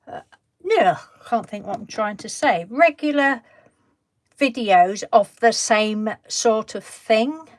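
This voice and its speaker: Slow, chatty woman hosting a craft stream. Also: medium pitch, expressive. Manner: chatty, greets and answers viewers from the live chat; gentle and reassuring, trails off and restarts sentences. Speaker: craft live-stream host. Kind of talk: casual live-stream chat while crafting.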